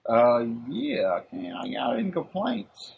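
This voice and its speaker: A man co-hosting a podcast, teasing the others with quick comebacks. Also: a little high, huge pitch swings, vocal fry, phone-quality sound, a little hiss or hum. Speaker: podcast co-host. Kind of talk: casual chat.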